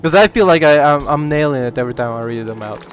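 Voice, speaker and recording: A man's voice: a little high, lively intonation, fast, faint music behind. A young man from Ukraine streaming a game, chatting casually in a rambling way, stammering, and swearing freely. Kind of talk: casual gaming chat.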